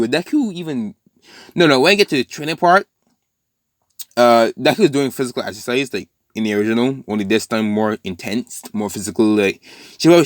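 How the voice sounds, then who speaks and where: In casual, improvised narration, a man tells a fan-fiction story, circling back to fix details and filling pauses with "uh" and "like," with brief character quotes along the way. His middling-pitched voice sounds dry and close, with no room sound or echo.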